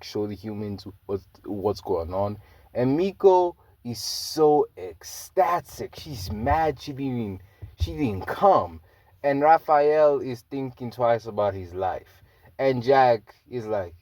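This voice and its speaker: A man's voice: mid-range voice, animated, unhurried, a little mellow, no room sound. A man telling a fan-made story in a rambling, slangy way, with many fillers.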